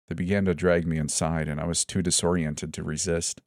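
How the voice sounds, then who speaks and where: Deep-voiced man narrating a horror story. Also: level tone, brisk, hardly any pauses, no room sound, clean studio sound. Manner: tense first-person storytelling, voicing each character in turn.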